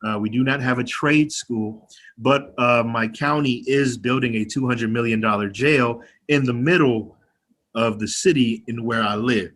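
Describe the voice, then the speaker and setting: A man's voice: medium pitch, measured pace, fairly bright tone. Blunt young man with a twang, rousing. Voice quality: a twang in his voice. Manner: candid and blunt, swears freely, rousing. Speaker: county legislator speaking to an activist group. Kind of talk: personal speech at an online meeting. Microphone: video call.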